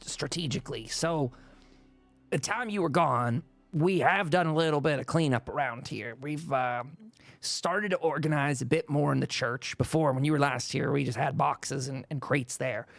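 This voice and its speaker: A man voicing a friendly, folksy middle-aged male town leader who greets people warmly. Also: fairly high pitch, normal speed, gravelly, no room sound, faint music behind. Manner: folksy, welcoming.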